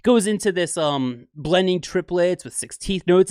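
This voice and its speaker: A man hosting a casual music breakdown, excitably scatting rhythms aloud as he explains them. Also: high-pitched, measured pace, smooth, no echo, clean studio sound. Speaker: music reaction host.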